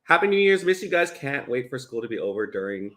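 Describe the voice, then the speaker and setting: Expressive man cooking on a live stream, animated delivery, echoey kitchen. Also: mid-range voice, quick pace, distant mic, slight background noise. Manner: expressive, gushes when thanking viewers. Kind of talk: casual live stream chat. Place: home kitchen while cooking.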